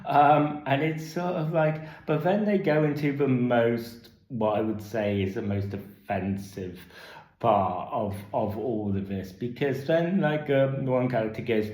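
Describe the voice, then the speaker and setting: A man's voice: mid-range voice, unhurried, darkish tone. A man giving a casual spoken film review, rambling with lots of fillers and restarts, and turning exasperated and sarcastic. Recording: echoey room.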